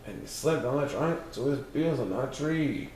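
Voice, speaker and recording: A man's voice: mid-range voice, animated, moderate pace, darkish tone, slight background noise. A man reading a rhyming storybook aloud in a sing-song way. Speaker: storybook reader. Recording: very echoey room.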